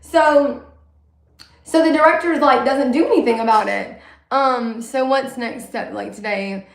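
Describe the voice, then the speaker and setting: High-voiced woman, candid and rambling. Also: measured pace, vocal fry. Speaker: vlogger. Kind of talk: personal monologue. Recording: echoey room.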